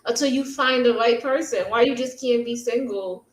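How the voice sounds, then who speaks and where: Woman cutting in with questions, kinda high voice, echoey room. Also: normal speed. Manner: questioning, reactive interjections. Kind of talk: casual podcast debate.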